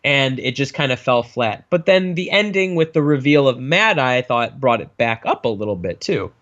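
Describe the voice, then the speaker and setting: Give me an animated man chatting about a film on a dull, lo-fi recording. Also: medium pitch, normal speed. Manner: animated, swears freely. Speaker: co-host reviewing a film. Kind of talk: casual chat. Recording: dull lo-fi sound.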